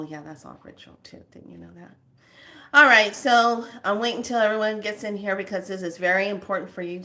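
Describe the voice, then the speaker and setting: Bright-voiced chatty woman vlogger. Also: on the low side. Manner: chatty, exasperated storytelling, laughs often. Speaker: spiritual vlogger. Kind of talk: casual spiritual vlog talk.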